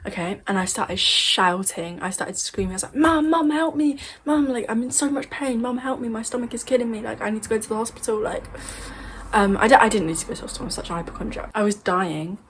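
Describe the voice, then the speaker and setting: A woman's voice: medium pitch, breathy edge. A young woman in her bedroom telling a spooky story in a casual, rambling way, correcting herself as she goes. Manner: chatty, rambling, self-correcting. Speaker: vlogger. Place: bedroom at home.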